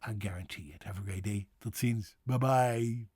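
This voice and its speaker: A man's voice: lowish voice, darkish tone, breathy edge, no echo, clean studio sound. A man with a Dutch accent, a native Dutch speaker, teaching pronunciation in a playful, encouraging way and drawing out each word he demonstrates. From Netherlands. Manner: drawn-out, exaggerated demonstrations of words. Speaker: language teacher. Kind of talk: pronunciation lesson.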